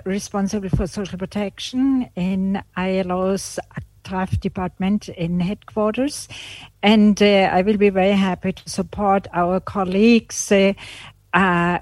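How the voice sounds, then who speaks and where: A woman with a lowish, flat voice introduces herself in a dry, close-sounding recording. She speaks hesitantly, pausing on fillers as she explains her role at a meeting. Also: no room sound, poor audio. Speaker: social protection officer.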